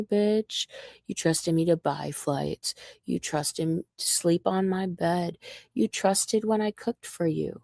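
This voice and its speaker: A young woman with a low, gravelly voice rants on a livestream, swearing freely and confronting one man directly. The sound is dry and close, with no room around it. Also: measured pace, no echo. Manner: profane, confrontational, addressing someone directly. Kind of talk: angry livestream rant.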